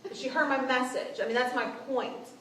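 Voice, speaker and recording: A young adult woman giving a casual seminar talk to a team about client relations, conversational and animated. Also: sits high, moderate pace. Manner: conversational, animated, acts out quoted lines. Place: meeting room with an audience. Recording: roomy room sound, distant mic, faint noise.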